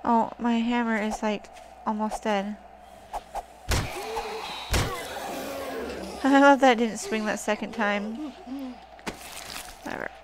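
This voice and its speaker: Wearing a wrist brace, this woman hosts a gaming channel and chats through her play in a high-leaning, fairly even voice at a measured pace. She curses a lot and mouths off to the zombies, and the home recording is noisy.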